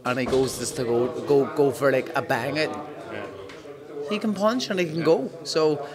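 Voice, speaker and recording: Northern Irish boxer amid arena crowd. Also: male voice, on the high side, moderate pace. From Northern Ireland. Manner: frank, swearing, repeats words. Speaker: boxer interviewed at ringside. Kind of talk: casual chat. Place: busy boxing arena. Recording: loud arena crowd behind.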